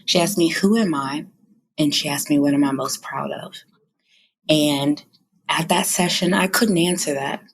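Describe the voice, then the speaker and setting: A woman's voice: sits low, unhurried, husky. A woman in her thirties, a podcast host, talking earnestly about her own healing and holding back tears. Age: 30s. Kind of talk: personal confessional talk.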